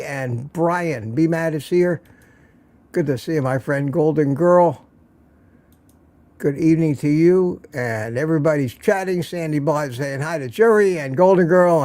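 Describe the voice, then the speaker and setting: A friendly man hosts a casual evening livestream from home, reading names from the chat and joking along. His voice sits a little high for a man, with a mellow, soft-edged tone. He talks loosely and easily, with no script. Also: dry recording. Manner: chatty, greets viewers by name with small jokes. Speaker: livestream host.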